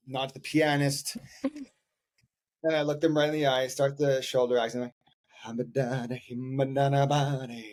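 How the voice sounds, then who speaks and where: A man and actor co-hosting a podcast, telling a story in an animated, playful way. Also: on the high side. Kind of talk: casual storytelling chat.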